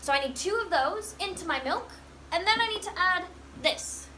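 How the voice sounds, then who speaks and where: Woman tour guide on a dairy farm, high and bright, chatty and full of questions for the group. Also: animated, normal speed, slight background noise. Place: working cheese farm dairy.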